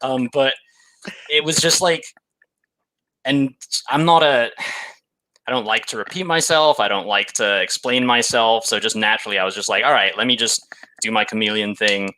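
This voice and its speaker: A young English man from London, his accent partly Americanized, talking in a deadpan way as a guest in a casual interview. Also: on the low side, fairly quick, low-quality recording. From England (London).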